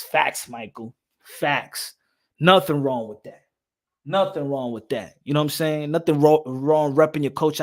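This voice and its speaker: A man hosting a boxing podcast in a loud, animated rant, laughing and swearing often. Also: medium pitch. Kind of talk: casual livestream rant.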